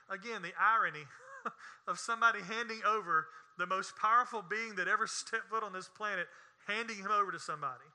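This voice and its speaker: A man's voice: sits high, moderate pace, bright, forceful tone. A man preaching a sermon in a folksy, emphatic way, with scornful asides. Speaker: pastor.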